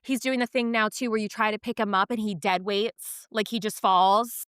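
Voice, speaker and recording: A woman's voice: medium pitch, steady tone, moderate pace, a bit bright, clear, resonant tone, no echo, clean studio sound. A woman in her thirties co-hosting a podcast, telling family stories candidly and with feeling. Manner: candid, emotional storytelling with quoted voices. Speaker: podcast co-host. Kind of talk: casual chat.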